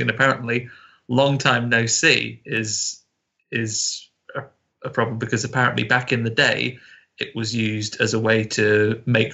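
A man's voice: medium pitch, vocal fry, pushed and bright, highs cut off. A man co-hosting a podcast, chatting casually about a film and telling stories. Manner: chatty storyteller, drops into voices for quotes. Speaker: podcast co-host.

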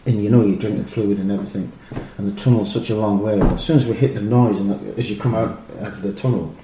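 A man's voice: on the low side, fast talker. Middle-aged man, former footballer, rambling casual storytelling, roomy echo, faint hiss. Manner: rambling, animated, lots of fillers and restarts. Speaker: former professional footballer, guest.

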